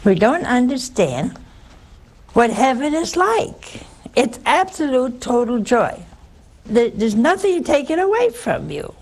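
A woman's voice: high-pitched, big pitch swings, a little slow, low-quality recording. An older woman, a religious sister, giving a spiritual talk full of personal stories and rhetorical questions to her listeners.

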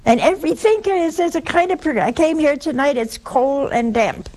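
A woman preaching in a lively, talk-to-you-directly style, her somewhat high voice leaping up and dropping low for emphasis. She swings between hushed asides and emphatic points. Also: a little fast. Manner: conversational, dramatic swings in pitch, drops to hushed asides. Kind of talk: sermon to a live and broadcast audience.

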